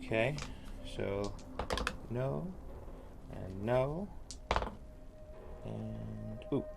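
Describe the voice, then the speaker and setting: A man narrating as game master of a tabletop game, talking in a relaxed way with many fillers. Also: fairly low pitch, drawn-out words, creaky, very noisy.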